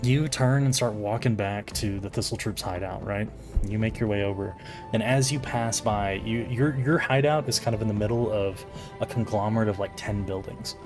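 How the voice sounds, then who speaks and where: A man narrating a tabletop game as game master, in a relaxed, descriptive way with casual fillers. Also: lowish voice, normal speed, over music.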